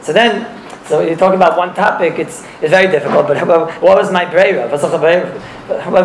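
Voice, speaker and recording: A man teaching a spoken religious law class, animated and repeating his phrases, mixing in Hebrew and Yiddish terms. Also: fairly high pitch. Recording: echoey room with faint noise.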